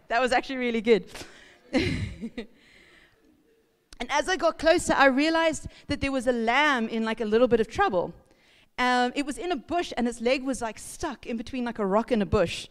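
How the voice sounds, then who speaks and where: Woman pastor, smooth higher voice, casual sermon storytelling, long hall echo. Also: animated, normal speed, long pauses. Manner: chatty, laughing, acts out sounds and voices. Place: church hall. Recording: reverberant church hall.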